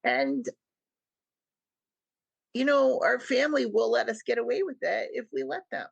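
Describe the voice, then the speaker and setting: A woman's voice: a little high, a little slow, creaky, breathy edge, no room sound, highs cut off. A middle-aged woman, a podcast guest, telling a personal story with earnest feeling and acting out what people said. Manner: earnest storytelling, acts out quoted dialogue.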